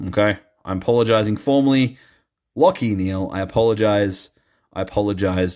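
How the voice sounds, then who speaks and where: A man's voice: fairly low pitch, fairly even intonation, fairly quick, a little mellow. A man commenting casually on a trading card box opening, playful and self-mocking, laughing often.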